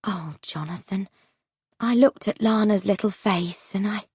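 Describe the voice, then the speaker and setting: A woman voicing a gentle farm wife who speaks softly and politely in a slow storybook reading. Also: on the low side, very animated, husky, no room sound, studio quality, full character voice.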